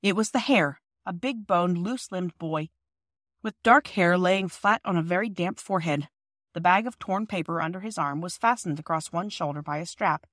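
A woman reading a classic children's novel aloud, acting out the dialogue with lively voices. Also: fairly low pitch, normal speed, dry recording, clean studio sound. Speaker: audiobook reader.

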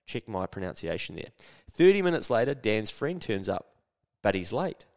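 A man with a New Zealand accent hosting a podcast, telling a story in a slangy, animated way and swearing casually. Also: medium pitch, moderate pace, creaky, big-room sound. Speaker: podcast host.

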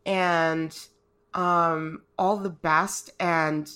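A woman's voice: fairly low pitch, steady tone, very slow, sharp tone, smooth. A woman co-hosting a podcast in casual chat, heartfelt and rambling, emotional and close to tears. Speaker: podcast co-host.

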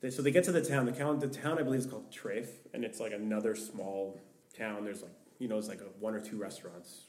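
Speaking fast in a fairly low, darkish voice, a young man appears as a podcast guest, spinning a long, rambling tale and leaning heavily on "like." It's casual conversational storytelling, heard through a far-off mic in a room with echo.

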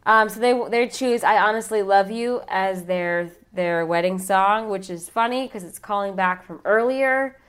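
A woman co-hosting a casual podcast, recapping a movie scene by scene and slipping into quick voices for the characters. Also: medium pitch, a bit bright, smooth. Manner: chatty, retells scenes with quick put-on voices. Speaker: podcast co-host.

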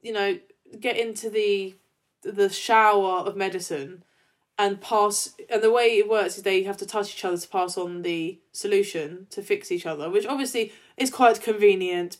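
A woman co-hosting a fan podcast, recounting scenes in a chatty, animated way and acting out the characters' lines. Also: medium pitch, moderate pace. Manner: chatty with many fillers. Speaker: podcast co-host. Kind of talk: casual fan chat.

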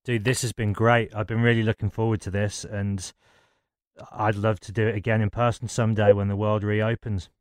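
A man's voice: lowish voice, level tone, moderate pace, no room sound. A man hosting an interview, responding earnestly and affirming his guest. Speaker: podcast host. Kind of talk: casual interview chat.

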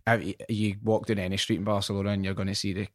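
A man's voice: lowish voice, little pitch movement, very fast, no echo, clean studio sound. A Scottish man hosting a podcast, chatting casually and telling stories with plenty of swearing. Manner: swears freely, tells stories. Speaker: podcast host. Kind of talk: casual chat.

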